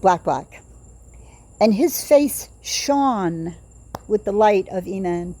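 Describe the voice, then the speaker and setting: A woman's voice: mid-range voice, animated, dark tone. An older woman telling rambling personal stories in a casual monologue, outdoors at night. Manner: rambling, digressive storytelling with pauses. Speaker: vlogger. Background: crickets chirping.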